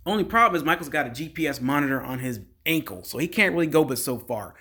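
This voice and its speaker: Man, casual recap commentary, chatty, slightly high voice, talks to viewers. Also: lively intonation, fast talker, pushed and bright. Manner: chatty, conversational, addresses viewers as guys. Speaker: reality TV recap host.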